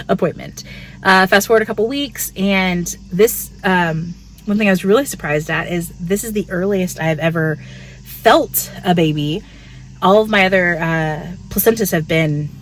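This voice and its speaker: A woman's voice: lowish voice, a little hiss or hum. A woman, giving a candid, chatty pregnancy update. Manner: chatty and candid, frequent "like" fillers. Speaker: vlogger. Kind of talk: casual pregnancy update vlog.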